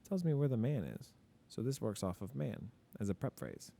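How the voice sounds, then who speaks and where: Gravelly and dark, his medium-pitched voice is very animated, though he speaks at a normal speed. The male teacher breezes through grammar examples in a relaxed lesson, questioning and answering himself, and he's candid about his errors.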